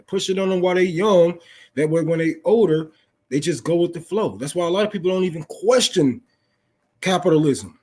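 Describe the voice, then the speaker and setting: A man's voice: high voice, animated, normal speed. A young man in an unscripted political rant, profane and fired-up, preaching to his listeners. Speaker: political talk host.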